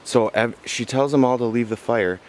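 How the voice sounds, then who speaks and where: A man's voice: mid-range voice, moderate pace, a little hiss or hum. An exhausted man telling a trail story to a handheld camera outdoors, swearing freely as he goes. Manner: swears freely, animated retelling with put-on quotes. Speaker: solo backpacker vlogging on the trail. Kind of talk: casual vlog storytelling. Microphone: handheld camera at arm's length.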